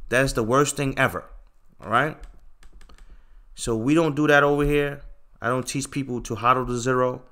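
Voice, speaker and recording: A man's voice: mid-range voice, steady tone, moderate pace, long pauses. A man hosting a casual livestream, answering chat bluntly, often tagging "okay" and "bro" and pushing his points emphatically. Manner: lectures emphatically, gets louder when making a point.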